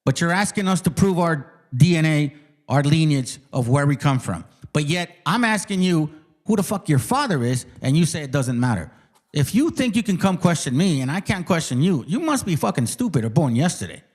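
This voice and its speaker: A man's voice: fairly high pitch, very animated, brisk. A man hosting a live online debate, combative and profane, who interrupts constantly and repeats himself. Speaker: host of a live debate stream.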